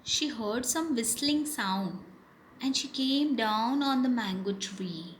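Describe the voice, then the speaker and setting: A woman telling a story to young children in an animated way, with gasps and animal sounds. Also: on the high side, slow pace, slight background noise.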